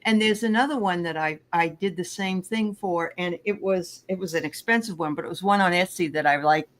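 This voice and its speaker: A woman's voice: lowish voice, fairly quick. A woman co-hosting a casual tarot chat over a video call, rambling and hesitant but friendly. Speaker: co-host.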